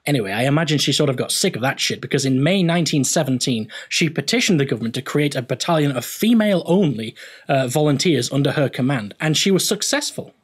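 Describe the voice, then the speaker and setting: A man's voice: a little high, lively intonation, fast, husky. A young man hosting a gaming video, explaining history casually with jokey, rambling asides.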